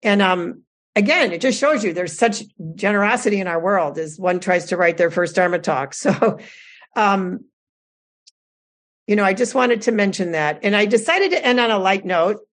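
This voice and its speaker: A woman giving her first personal Dharma talk, earnest and reflective, pausing often with fillers and correcting herself. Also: mid-range voice, expressive. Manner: hesitant, many fillers and self-corrections.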